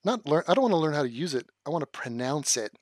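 A man's voice: on the high side, sing-song, fast, no room sound. A man streaming live, swearing as he rants and stumbling over a hard word while laughing at himself. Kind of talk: casual livestream commentary.

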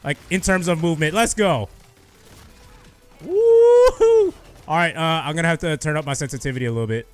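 A young man giving excited live commentary over his own gameplay, shouting and cheering when he gets kills. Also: on the high side, racing, few pauses, faint music behind. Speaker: gaming youtuber.

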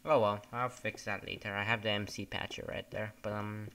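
A man talks through a game in a loose, casual commentary, drifting from topic to topic. His voice is bright and forward, and he swears freely and gets irritated quickly. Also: on the low side, little pitch movement, creaky, a little hiss or hum. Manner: rambling, swears often, easily annoyed. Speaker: gamer.

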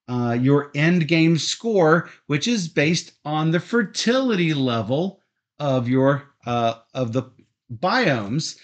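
Man, slightly high voice, slow methodical rules explainer with lots of fillers. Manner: steady, methodical, frequent fillers. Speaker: board game teacher.

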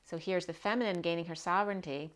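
A woman's voice: fairly low pitch, steady tone, quick pace, a bit bright. A woman giving a casual spiritual tarot reading, rambling and repeating herself and checking in with "right?" as she goes. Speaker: tarot reader.

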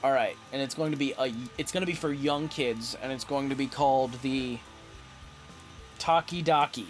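A man giving casual, playful gameplay commentary, reading game text aloud and getting excitable. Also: medium pitch, moderate pace, faint music behind. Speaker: let's play host.

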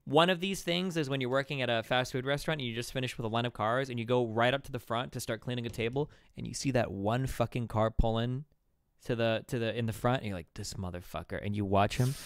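A man hosting a casual podcast, telling stories in a profane, animated way and acting out the quotes. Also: mid-range voice, fast talker, clean tone, no echo, studio quality. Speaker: podcast host. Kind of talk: casual chat.

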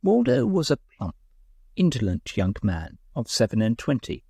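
Guy reading a story aloud, gravelly and husky, bouncy delivery. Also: medium pitch, normal speed, no room sound, clean studio sound. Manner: expressive, lilting delivery. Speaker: audiobook narrator. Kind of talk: scripted story narration.

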